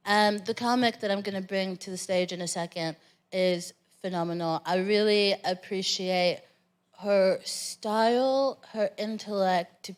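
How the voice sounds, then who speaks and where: A woman's voice: medium pitch, clear, resonant tone. A woman hosting a comedy night, enthusiastically leading applause and introducing the next comic. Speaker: comedy club host.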